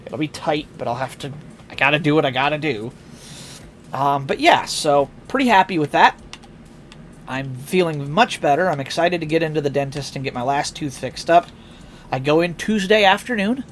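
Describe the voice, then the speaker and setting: A man's voice: on the high side, normal speed, slight background noise. A tired man chatting casually on a live stream through a headset, rambling with fillers and restarts. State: tired, yawning.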